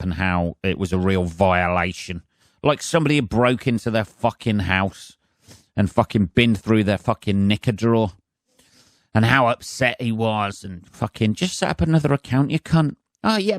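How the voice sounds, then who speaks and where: A man, a stand-up comedian, rants alone into a close, dry podcast mic. His voice sits fairly low, and his delivery is sarcastic and heavy with swearing. He keeps breaking into mocking impressions as he goes. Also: no echo. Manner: sweary, sarcastic, mimics voices mid-rant. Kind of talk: solo comedic rant.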